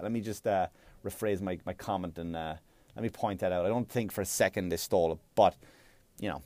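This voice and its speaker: A man doing a stand-up comedy routine, profane and rambling, with loud mocking outbursts. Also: on the low side, dry recording. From Ireland.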